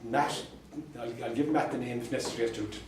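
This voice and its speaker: A man's voice: medium pitch, fairly even intonation, fast talker, noisy background. Irish man telling dry-humoured stories from afar. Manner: storytelling with dry humour and repeated punchlines. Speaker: solicitor and mediator giving a talk. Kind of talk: anecdotal presentation to a professional audience. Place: meeting room. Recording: distant mic in an echoey room.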